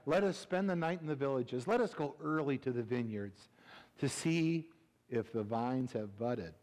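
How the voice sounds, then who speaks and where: A middle-aged male pastor preaching a humorous sermon, animated and joking, swinging between loud bursts and hushed asides. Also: mid-range voice, normal speed. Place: church sanctuary. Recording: reverberant church hall.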